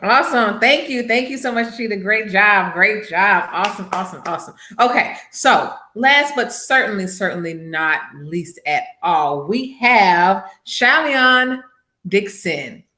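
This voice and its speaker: An upbeat woman hosts an online contest over a video call. Her bright voice moves a lot in pitch, and she repeats her praise eagerly. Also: animated, a little slow. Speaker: host.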